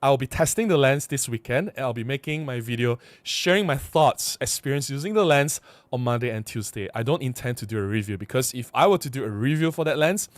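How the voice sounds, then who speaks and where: A man's voice: mid-range voice, fairly quick, no room sound. A man vlogging casually to camera, rambling and repeating himself as he explains. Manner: rambling, repeats words, animated.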